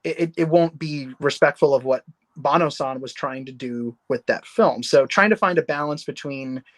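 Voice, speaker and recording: A man guesting on a casual livestream chat. He has a slightly high voice and talks with eager enthusiasm, circling back and restarting his sentences as he goes. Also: normal speed, fairly bright tone. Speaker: guest, novelist.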